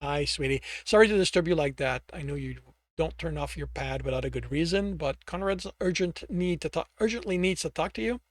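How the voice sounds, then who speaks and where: A man doing a calm, teasing lion bartender. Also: a little high, fairly quick, no room sound. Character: calm male lion bartender, dry humor.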